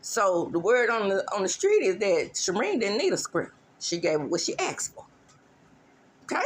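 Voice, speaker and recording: A woman with a mid-range, sing-song voice hosts a casual celebrity gossip show at normal speed. Her manner is sassy and drawling, full of teasing and mimicry.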